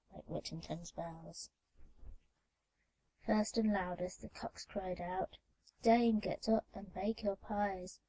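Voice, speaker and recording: A woman reading a storybook tale calmly and gently, in a soft ASMR story reading recorded binaurally. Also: on the low side, poor audio. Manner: calm, gentle. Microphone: binaural microphone.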